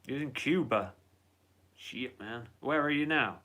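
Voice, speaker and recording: A man's voice: mid-range voice, a little slow, pushed and bright. A man hosting a casual live stream, chatting in a rambling way, swearing freely and reading out viewer comments.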